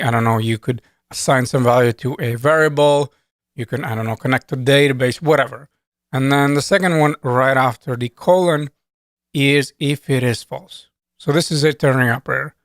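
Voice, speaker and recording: A man records a coding lesson at his desk in a mid-range voice. He explains in a loose, conversational way, pausing to think aloud. The sound is close and dry, with no room echo. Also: medium pitch. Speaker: programming instructor. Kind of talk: screen-recorded coding tutorial.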